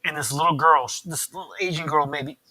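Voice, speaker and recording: A man's voice: on the high side, brisk, sharp tone, rough recording. A man co-hosting a casual podcast chat, rambling through anecdotes and swearing freely. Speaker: podcast co-host.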